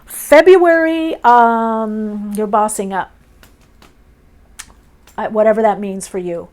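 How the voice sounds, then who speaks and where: A woman's voice: medium pitch, steady tone, unhurried, darkish tone. A woman doing an intuitive tarot reading, musing aloud in short, dreamy phrases. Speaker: tarot reader. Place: indoors, off camera.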